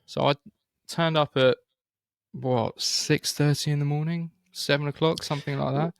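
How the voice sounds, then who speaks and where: On a studio mic with clean, echo-free sound, a British podcast co-host spins a long, casual story, often restarting and using fillers. His voice is on the high side and gravelly yet clear and resonant, with fairly even intonation at a normal speed.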